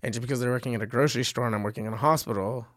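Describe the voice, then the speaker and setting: A man's voice: mid-range voice, rapid-fire, no room sound, clean studio sound. A man who works as a nurse, talking casually and bluntly with friends. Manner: laid-back, blunt, swears. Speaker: guest, nurse. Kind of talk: casual chat among friends.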